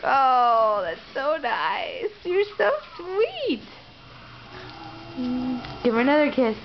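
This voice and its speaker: A woman's voice: high-pitched, big pitch swings, takes it slowly, dull audio, a little hiss or hum. Sing-song young mother coaxing a toddler. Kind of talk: home video baby talk. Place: family home.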